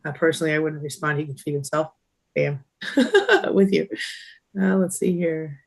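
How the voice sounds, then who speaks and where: Casting: low-pitched woman host, reads comments, agrees readily. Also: gravelly. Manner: reads viewer comments aloud, quick agreeing replies. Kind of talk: casual live-stream chat.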